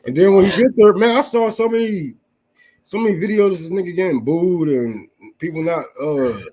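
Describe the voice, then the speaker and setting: A man's voice: sits high, moderate pace, dark tone. Blunt, cursing man on a podcast. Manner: blunt and profane. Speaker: podcast co-host. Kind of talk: casual chat.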